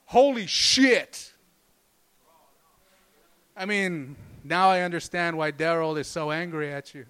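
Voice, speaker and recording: Male stand-up comic, fairly high and smooth voice, profane, rambling, loose. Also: fairly even intonation, normal speed, a bit bright. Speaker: stand-up comedian. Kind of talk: stand-up comedy set.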